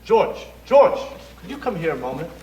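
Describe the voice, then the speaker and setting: A young man in a school play, acting a gentle father who calms his daughter on her wedding day. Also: a little high, normal speed. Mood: soothing. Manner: hushing, soothing stage delivery. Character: gentle, soothing father of the bride. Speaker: student actor in a school play. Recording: distant stage voice, echoey hall, noisy.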